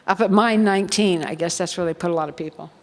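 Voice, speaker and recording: A woman's voice: lowish voice, fast. An older woman and former showgirl telling blunt stories at a seminar, laughing often and acting out quoted voices. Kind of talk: storytelling at a seminar. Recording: reverberant hall.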